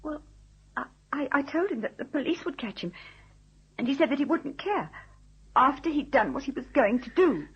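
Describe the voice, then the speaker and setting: Shaky stammering young wife, high lively voice, muffled old radio. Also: female voice, moderate pace. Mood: shaken. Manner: tremulous, stammering. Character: shaken young housewife. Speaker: radio drama actress. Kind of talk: vintage radio drama acting. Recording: dull lo-fi old radio recording.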